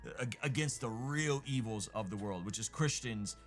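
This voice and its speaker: A man delivering sarcastic online commentary, heaping mock praise on the people he criticizes. His voice sits at a middle pitch, with faint music playing behind him. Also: normal speed.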